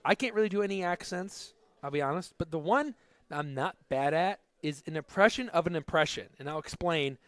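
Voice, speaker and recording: A man calling baseball play-by-play, mixing pitch calls with jokey casual chat. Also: animated, brisk, fairly bright tone, dry recording. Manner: jokey, conversational between pitches. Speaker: play-by-play announcer.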